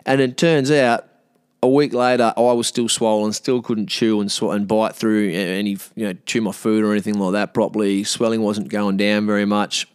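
A young man tells a story in a casual, animated way, cursing freely. His voice sits fairly low and jumps up when he acts out other people. The recording is dry and close. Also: moderate pace, smooth, no room sound. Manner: animated, swears, acts out quoted voices higher.

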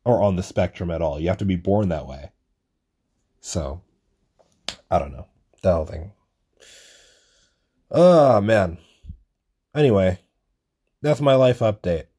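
A deep, husky, warm voice belongs to a young podcast host who is expressive, talks a little slowly and pauses often. His casual solo monologue rambles along, full of swearing and self-mockery.

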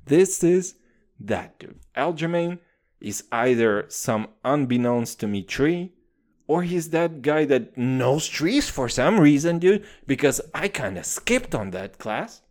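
A man's voice: fairly high pitch, sing-song, slow, a little mellow. A man in his twenties hosting his own podcast, rambling and swearing casually, saying "dude" after nearly every phrase. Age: 20s. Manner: profane, rambling, says "dude" constantly. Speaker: podcast host.

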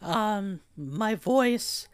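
A man with a high, boyish voice that never deepened, talking in a halting, earnest way in a personal vlog. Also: animated, clear, resonant tone, no echo. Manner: halting and earnest, many pauses. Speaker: video creator.

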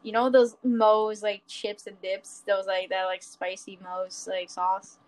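A woman's voice: medium pitch, little pitch movement, measured pace. A teenage girl as a guest in a casual chat, blunt and teasing.

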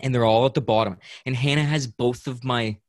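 A young man hosts a casual podcast chat, spinning a story with energy and putting on voices for the people he quotes. He fills his talk with "like" and quick laughs. The sound is dry and close. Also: medium pitch, no room sound. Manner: animated storyteller, acts out quotes, many "like"s and laughs. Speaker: podcast host.

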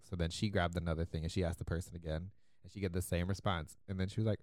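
A man co-hosting a podcast, telling a story in a casual, animated way, laughing often and acting out the people he quotes. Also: low-pitched, a little fast, no echo, studio quality. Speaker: podcast co-host.

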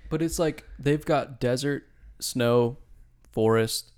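A young man in loose, animated conversation, co-hosting a podcast. His voice sits at an ordinary middle pitch, and he keeps dropping "dude" into his sentences as he riffs on whatever comes up. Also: takes it slowly, clean tone. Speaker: podcast co-host. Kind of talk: casual chat.

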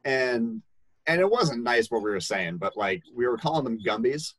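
A young man casually telling a story, lively and laughing, acting out quoted voices. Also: mid-range voice, normal speed, no room sound, low-quality recording.

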